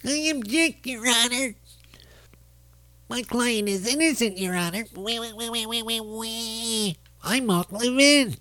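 Woman putting on a high nasal male pundit, pinched and pompous, quiet whiny voice, dry sound. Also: unhurried, dry recording. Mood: mock pleading.

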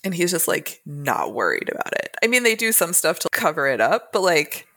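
A woman's voice: low voice, sing-song, moderate pace, fairly bright tone. A woman co-hosting a romance book podcast, talking casually and thoughtfully, analyzing the books with occasional laughs. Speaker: podcast co-host.

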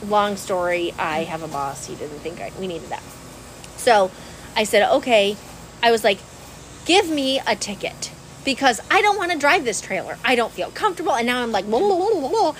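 A woman telling a long story in casual podcast chat, animated and laughing often. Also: medium pitch, normal speed, slight background noise, poor audio. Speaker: podcast co-host.

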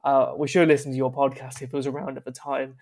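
Give me a young man rambling through casual anecdotes, wry and offhand, at an ordinary pitch. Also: flat delivery, fast, a little mellow. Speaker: podcast guest.

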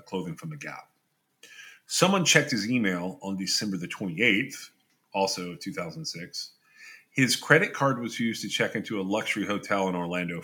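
Deep-voiced, bright man hosting a podcast. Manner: reads case details aloud and adds his own asides. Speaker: podcast host. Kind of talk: casual true-crime podcast discussion.

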